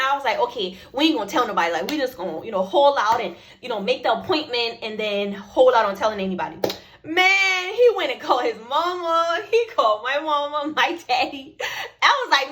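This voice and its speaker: Young woman, somewhat high voice, casual vlog storytelling, acts out the voices in her conversations. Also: brisk, a little hiss or hum. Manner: animated storytelling, acting out both sides of conversations. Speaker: vlogger.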